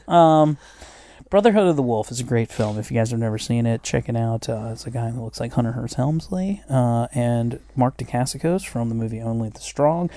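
A man telling stories in casual chat, animated, swearing freely and acting out other people's voices. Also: mid-range voice, moderate pace. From United States.

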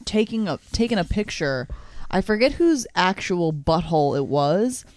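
A woman's voice: on the low side, expressive, normal speed, darkish tone, no room sound. Giggly teasing woman, dry close sound. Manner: teasing, giggly, swears freely. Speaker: podcast co-host. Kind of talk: casual comedy podcast chat.

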